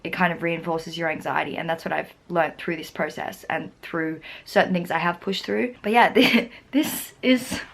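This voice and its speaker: A woman's voice: low-pitched, steady tone, normal speed, gravelly, few pauses. Earnest young woman vlogging. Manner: earnest, open and heartfelt; uses many "like" fillers. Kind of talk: personal vlog talk to camera.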